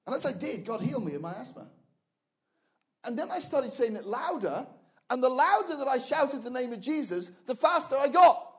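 An older man, preaching and telling a personal testimony, his storytelling building to loud, fervent shouting. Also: very high voice. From England. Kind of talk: sermon testimony.

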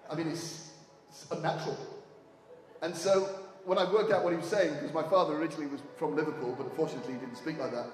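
Echoey preacher in a church hall. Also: male voice, fairly high pitch. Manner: swings from hushed storytelling to raised exhortation. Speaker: visiting preacher. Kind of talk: sermon. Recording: echoey hall, mic at a distance.

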